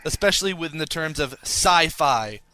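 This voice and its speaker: Playful bright-voiced male podcast host. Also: on the high side, expressive, moderate pace, smooth. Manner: playful, reads listener emails with mock drama. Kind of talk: casual comedic chat.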